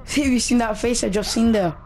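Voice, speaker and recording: A man's voice: extremely high pitch, fast, a little mellow. A man commentating on a horror game as he plays, talking to himself in a nervous, frightened way. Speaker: gaming channel host.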